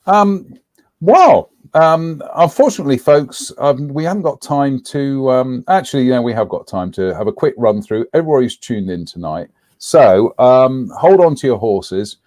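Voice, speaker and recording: A man co-hosting a relaxed live stream, his voice close and dry with no room sound around it. He meanders through his talk with plenty of ums and reads out a long list of viewers' names. His pitch sits in an ordinary middle range. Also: moderate pace, no echo. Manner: rambling, frequent ums, reading out viewer names. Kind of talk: casual live-stream chat.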